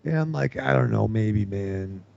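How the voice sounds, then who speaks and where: A man tells a rambling story full of profanity, his gravelly voice leaping up and down as he acts out what other people said. The sound is dry and a little dull, like close podcast audio. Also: lowish voice, measured pace, no echo. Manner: animated, swearing, acts out other people's lines. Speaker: podcast co-host.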